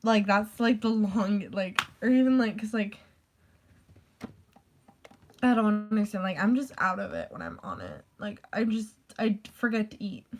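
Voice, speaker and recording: A woman's voice: mid-range voice, big pitch swings, a little slow. Woman just chatting to the camera, rambly, says like a ton, swears casually. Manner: rambling, full of "like" fillers. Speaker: vlogger. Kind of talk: casual chat.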